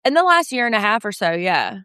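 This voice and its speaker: A woman co-hosting a casual pop culture recap podcast, snarky and animated. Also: mid-range voice, brisk, clear, resonant tone, no room sound, clean studio sound. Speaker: podcast co-host.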